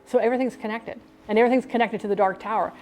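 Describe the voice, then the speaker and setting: A woman's voice: a little high, steady tone, rapid-fire, a little mellow, slight background noise. A woman vlogging in a rambling, talkative casual chat that jumps between thoughts.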